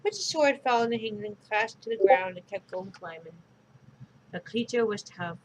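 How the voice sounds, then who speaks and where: Casual woman storybook reader, chatty, mid-pitched, faint background hiss. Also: expressive, moderate pace, a little mellow, poor audio. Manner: chatty, unpolished reading. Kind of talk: casual read-aloud with asides to viewers.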